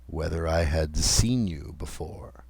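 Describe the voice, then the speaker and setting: A man voicing a brooding, solitary railway signalman who speaks low, quiet and wary in a storybook reading. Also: takes it slowly, creaky, breathy edge, no echo, heavily acted. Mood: wary, subdued.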